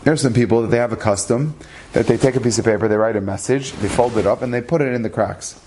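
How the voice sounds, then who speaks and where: A rabbi telling an inspirational story in a lively, conversational way, using Hebrew terms along the way. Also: male voice, mid-range voice, fast talker, slight background noise.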